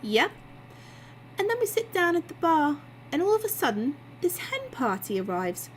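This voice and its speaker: Brief: cheeky barmaid, breezy and lively, put on by a woman reader in a storybook reading, slightly raised voice, faint room hum. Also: high voice, moderate pace, pitched above the performer's own voice.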